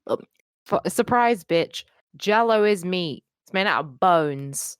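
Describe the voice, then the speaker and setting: A woman's voice: medium pitch, lively intonation, a little slow, no room sound. A woman co-hosting a podcast, chatting casually, swearing and acting out quotes in shifting voices. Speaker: podcast co-host. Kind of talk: casual chat.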